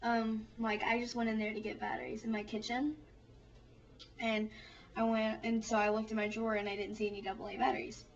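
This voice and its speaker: A woman's voice: on the high side, little pitch movement, brisk, creaky. A young woman telling a funny story in a rambling, giggly way, full of fillers. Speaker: vlogger. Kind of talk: casual storytelling. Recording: distant, dull lo-fi home recording.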